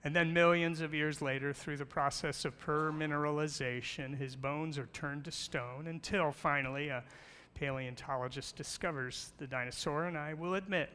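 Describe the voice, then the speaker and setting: A man's voice: fairly high pitch, steady tone, normal speed, few pauses, pushed and bright, clear, resonant tone. A middle-aged man giving a playful church talk, asking questions and telling jokes. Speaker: guest speaker on creation. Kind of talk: church presentation with slides. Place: large church hall. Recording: long hall reverb.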